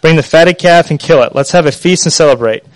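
A man's voice: a little high, fairly quick, no room sound, voice pushed up, natural voice. A man voicing a joyful, forgiving father giving urgent orders to his servants in a scripture reading. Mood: jubilant. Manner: urgent, jubilant.

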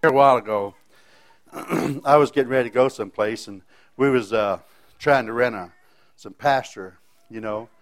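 With a medium-pitched voice at normal speed, a man recounts his faith testimony, leaving long pauses. He tells it in a rambling, folksy style, frequently restarting sentences.

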